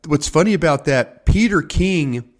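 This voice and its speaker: Older male co-host, chatty storyteller, home office video call, a touch high-pitched. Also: animated, unhurried. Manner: rambling, acts out quotes in voices. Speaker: former scout, co-host. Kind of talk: casual storytelling chat.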